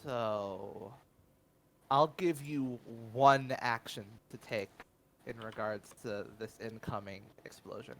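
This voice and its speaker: Halting man running a tabletop game. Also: mid-range voice, vocal fry, a bit bright, slight background noise. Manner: halting, filler-heavy narration. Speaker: game master.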